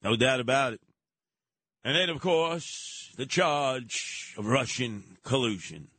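Man, radio host, opinionated monologue, colloquial and mocking, bright forceful tone, dry studio sound. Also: mid-range voice, expressive, takes it slowly, husky, no echo. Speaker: radio talk show host.

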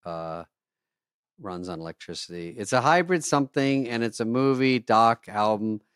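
A man co-hosting a comedy podcast, chatting casually and animated, making silly sound effects. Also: medium pitch, moderate pace, smooth, no echo, clean studio sound. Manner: animated, makes sound effects and reads comments. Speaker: podcast co-host.

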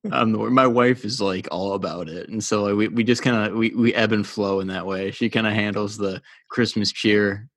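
A man's voice: lowish voice, steady tone, normal speed, a bit bright, dry recording, studio quality. A man co-hosting a casual sports podcast, wry and self-deprecating, stammering on restarts. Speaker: podcast co-host.

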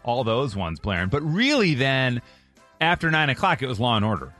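A man hosting a morning radio show, chatting and telling stories in a jokey, animated way. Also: medium pitch, normal speed, soft background music. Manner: lively, jokey, animated storytelling. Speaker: radio host.

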